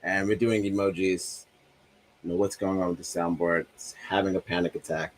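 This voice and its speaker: A man's voice: sits low, normal speed, slightly rough. A man hosting a livestream, chatting loosely and joking as he reads viewer comments aloud. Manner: loose, joking, talks to himself about a broken soundboard. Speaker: livestream host. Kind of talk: casual livestream chat reading comments.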